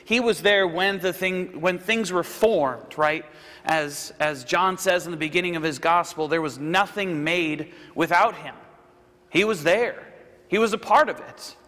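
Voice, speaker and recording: A man's voice: high-pitched, measured pace, pushed and bright, in a large hall. A man giving a casual, conversational sermon, often checking in with "right?" and acting out the people he quotes. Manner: conversational, frequent "right?" asides, acts out quotes. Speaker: preacher.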